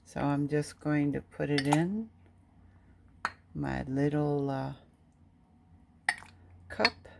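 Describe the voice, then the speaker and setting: A woman with a lowish voice talks through her stew in an easy, homey ramble. She takes her time and drifts from cooking tips into a childhood story. Her delivery is unhurried and chatty. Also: creaky, background noise. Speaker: cooking vlogger. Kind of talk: casual cooking chat and storytelling.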